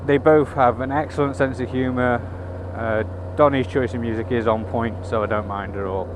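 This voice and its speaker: Riding his motorbike through town traffic, this motorcycle vlogger talks casually into a helmet-cam mic, cursing freely and adding dry asides. His voice is mid-pitched and steady, at a moderate pace. The clip carries road and engine noise.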